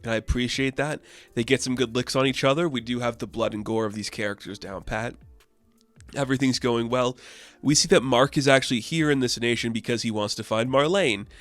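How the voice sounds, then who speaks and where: A man's voice: medium pitch, a little fast, fairly bright tone, no echo. A man reviewing a comic book in casual chat, enthusiastic and filling his talk with "like". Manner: enthusiastic, heavy use of "like".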